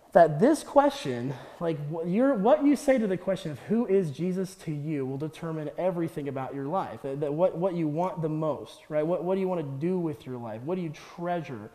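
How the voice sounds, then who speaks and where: A young man with a high, mellow voice gives a chatty guest sermon, laughing often and acting out the quotes he tells. His voice rings out with the long reverb of a large hall. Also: lively intonation, a little fast, hardly any pauses. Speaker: guest speaker. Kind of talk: casual sermon.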